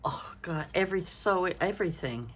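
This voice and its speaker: A woman's voice: lowish voice, animated, normal speed, a little hiss or hum. A woman in her sixties, chatting casually as a craft vlogger, rambling and thinking aloud, tired and yawning. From Canada. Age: 60s. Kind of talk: casual show-and-tell chat.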